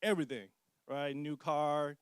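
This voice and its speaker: In an unhurried, clean voice on the high side, a man in his forties gives a casual testimony as a parent. He tells it like a storyteller, with plenty of jokes at his own expense. The recording is dry, with clean studio sound.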